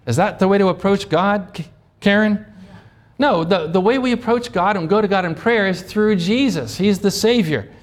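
Male pastor, high voice, preaching with rhetorical questions and acted-out prayers. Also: normal speed. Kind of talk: sermon.

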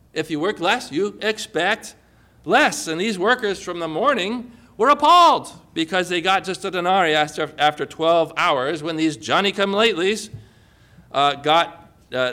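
A male pastor preaching a sermon, retelling a parable with animated storytelling and frequent rhetorical questions. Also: high voice.

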